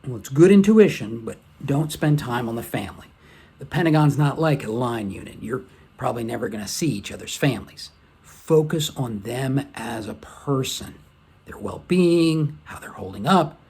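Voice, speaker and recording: A man voicing a seasoned older woman, an executive assistant who gives blunt, brisk, matter-of-fact advice. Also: medium pitch, expressive, a little mellow, breathy edge.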